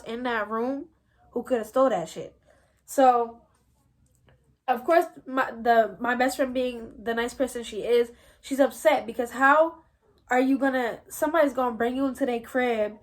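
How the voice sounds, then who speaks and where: A young woman, casually telling a story to her viewers in a slangy, animated way and often calling out to them as y'all. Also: on the high side. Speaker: vlogger.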